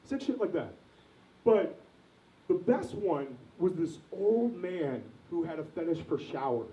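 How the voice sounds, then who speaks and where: A man's voice: fairly high pitch, big pitch swings, measured pace, far from the mic. A young man doing a crude, rambling stand-up set, quizzing the audience, recorded from afar in an echoey lo-fi room. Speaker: stand-up comedian.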